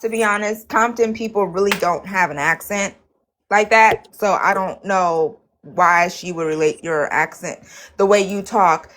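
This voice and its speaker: A woman's voice: mid-range voice, unhurried, fairly bright tone, a little hiss or hum. A woman joining a livestream as a guest, chatting casually and backing up the host. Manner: supportive, hyping the host.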